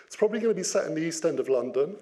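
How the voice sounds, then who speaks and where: A man giving an interactive business talk, lively and playful, putting questions to his audience. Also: on the high side, very fast. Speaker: business speaker.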